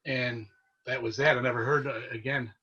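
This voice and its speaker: Husky, bright-voiced man telling ghost stories. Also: mid-range voice, moderate pace, recorded from a distance, highs cut off. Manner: earnest, excitable storyteller who relives events. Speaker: paranormal investigator guest. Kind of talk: casual storytelling interview.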